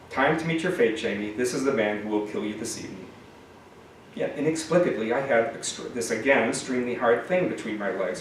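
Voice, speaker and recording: Author reading aloud in an echoey room. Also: male voice, medium pitch. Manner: expressive reading, halting and filler-laden when talking freely. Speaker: author reading his novel. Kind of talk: reading aloud from a novel, then summarizing it. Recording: echoey room, mic at a distance, faint noise.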